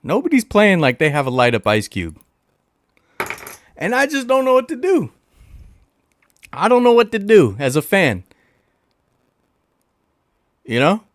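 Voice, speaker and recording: A man chatting on a livestream with a voice that swings hugely up and down, sitting a little higher than most men's. He is playful and talks straight to his viewers, repeating lines for emphasis. The sound is close and dry. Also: unhurried, long pauses, dry recording. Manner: animated, talks about himself in the third person; playful, blows kisses into the mic. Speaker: livestream host. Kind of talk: casual livestream chat.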